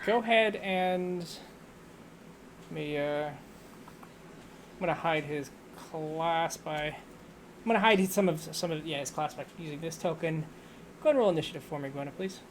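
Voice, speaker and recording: A game master running a live tabletop game, briskly directing the players. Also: mid-range voice, slight background noise.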